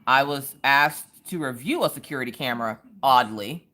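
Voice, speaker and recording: A woman's voice: extremely low pitch, moderate pace, pushed and bright. A woman in her thirties hosting a casual livestream, telling stories and greeting viewers by name. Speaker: livestream host.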